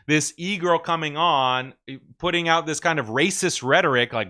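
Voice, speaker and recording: A man's voice: on the high side, moderate pace, hardly any pauses, sharp tone. A man hosting a commentary show, talking casually in a sarcastic, mocking way and chuckling often. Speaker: host.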